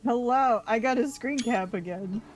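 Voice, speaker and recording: A woman's voice: a little high, moderate pace. A woman streaming a game live, chatting casually with a friend and laughing often. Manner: laughs often, playful teasing. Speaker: Twitch streamer. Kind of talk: casual gaming stream chat.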